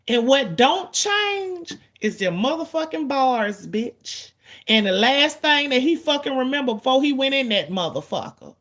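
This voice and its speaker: A woman in her forties hosting a livestream, venting to her chat in a blunt, profane, rapid-fire way and stretching out the lines she wants to stress. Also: sits high, sing-song, fairly bright tone. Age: 40s. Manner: drawn-out emphatic lines. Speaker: livestream host. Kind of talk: casual ranting to chat.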